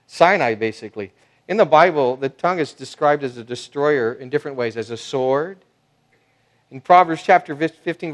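Conversational male pastor preaching. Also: fairly high pitch. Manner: conversational, many fillers and restarts; swings between soft asides and loud emphasis. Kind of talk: sermon.

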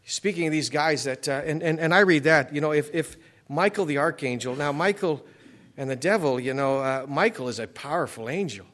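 A man's voice: on the high side, fairly quick, a bit bright. A man preaching an expository sermon in a conversational way, with frequent restarts and asides, reading scripture aloud with rising emphasis. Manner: conversational, many restarts and "you know" asides.

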